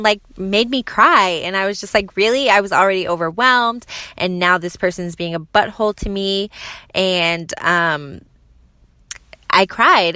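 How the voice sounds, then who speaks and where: A young woman hosting her own podcast, chatting casually with lots of fillers and lively quoted voices. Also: medium pitch, no echo. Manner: chatty, lots of fillers, animated when quoting people. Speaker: podcast host. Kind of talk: casual solo podcast chat.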